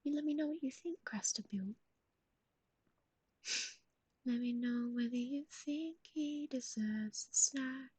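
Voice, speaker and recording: A woman hosting a pet livestream in a whispered voice, cooing soft baby talk to her animal while chatting with viewers. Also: high-pitched, normal speed. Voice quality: breathy whisper. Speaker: livestream host.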